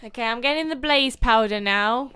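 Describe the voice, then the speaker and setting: A playful woman chats along during a gameplay session, easygoing and relaxed. Her voice sits a little high and comes through clear and smooth. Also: moderate pace. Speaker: gaming video co-host. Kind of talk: casual gameplay chat.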